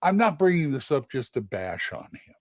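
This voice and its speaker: A man's voice: a little high, very animated, normal speed, no room sound, clean studio sound. Rambling man co-hosting a livestream. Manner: rambling, hesitant, peacekeeping. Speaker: livestream co-host. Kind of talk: casual chat.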